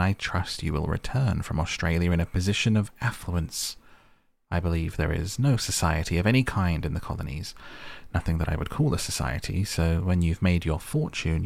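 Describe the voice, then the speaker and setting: A man's voice: low voice, moderate pace, creaky, a little mellow, no echo. A man reading the part of a vain middle-aged mother and faded actress, fussy and affected.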